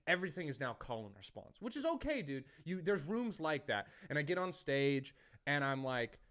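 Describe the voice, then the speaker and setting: A man hosting a comedy podcast, telling stories in casual chat, swearing often and acting out other people's lines loudly. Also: fairly high pitch, moderate pace. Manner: animated, acts out quotes loudly, swears often.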